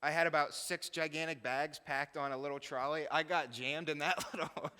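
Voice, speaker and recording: A man's voice: a little high, fairly even intonation, moderate pace, sharp tone, smooth. A man, a missionary pastor, giving a casual, chatty talk over slides, laughing often and joking about himself. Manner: chatty, laughing, self-deprecating asides. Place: church hall. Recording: long hall reverb.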